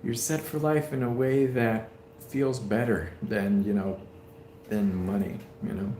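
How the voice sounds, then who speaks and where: A man's voice: on the low side, steady tone, measured pace, warm tone, reverberant, slight background noise. A man streaming from a hospital room, giving a rambling, heartfelt talk with many fillers. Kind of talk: casual live stream chat.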